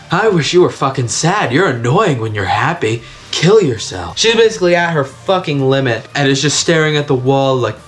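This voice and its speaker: A man giving a frank, chatty video review with lots of swearing. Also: mid-range voice. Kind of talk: casual video review commentary.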